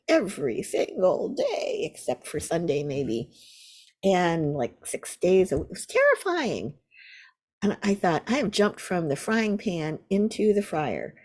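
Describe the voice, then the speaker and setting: A woman's voice: sits low, darkish tone. An older American woman, a Zen teacher, telling a vivid story as an interview guest. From United States.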